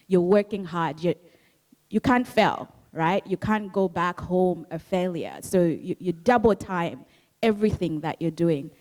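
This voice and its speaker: A woman's voice: fairly low pitch, darkish tone. A woman from Zambia, an author answering a book club question in a reflective, earnest way. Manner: reflective, earnest, quotes others in livelier voice. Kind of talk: thoughtful conversational answer.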